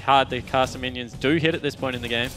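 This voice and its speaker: A man's voice: medium pitch, steady tone, fast talker, a bit bright. A man with an Australian accent casting an esports match, explaining strategy in detail. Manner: analytical, explains game mechanics at length. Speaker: esports caster. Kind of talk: esports commentary.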